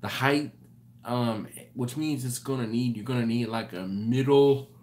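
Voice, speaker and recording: Tired, slow-talking man hosting a live chat. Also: mid-range voice, darkish tone. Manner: rambling, self-correcting, apologetic. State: tired, yawning late at night. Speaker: live stream host. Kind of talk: casual live chat reading viewer comments.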